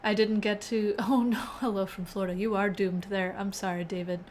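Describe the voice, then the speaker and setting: Woman, young, casual streamer chat, mid pitch, laughs a lot, faint background hum. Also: flat delivery, fairly quick, a little mellow. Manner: chatty, reads chat aloud, laughs often. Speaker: live-stream host.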